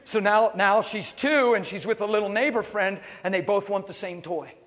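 Male pastor, lively storytelling sermon, a touch high-voiced, church hall reverb. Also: normal speed. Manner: animated storytelling with rhetorical questions. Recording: long reverb of a large hall.

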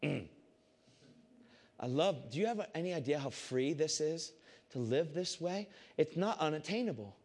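A man giving a casual, animated Christian testimony to a group. He swings between loud excitement and hushed intensity. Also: on the high side, a little slow. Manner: casual, repeats "I said" often. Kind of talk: testimony storytelling to a crowd.

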